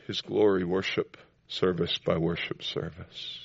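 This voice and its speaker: A man preaches a sermon in a low, gravelly voice. He swings from steady explanation to loud, emphatic declarations. The recording is dry, with little room sound, and slightly muffled. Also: moderate pace, no echo. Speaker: pastor.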